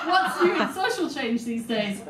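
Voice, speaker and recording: Slow-talking Scottish woman doing stand-up. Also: a little high, reverberant, recorded from a distance, very noisy. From Scotland. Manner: self-deprecating, halting with fillers. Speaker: stand-up comedian. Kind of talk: stand-up comedy set. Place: small venue with live audience.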